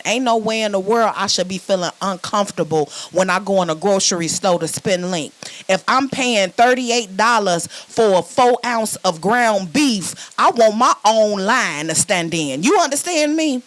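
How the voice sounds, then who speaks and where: Young woman doing a sassy, loud virtual stand-up set. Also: medium pitch, dry recording. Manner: loud, sassy, repeats words when starting phrases. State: sweating. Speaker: stand-up comedian.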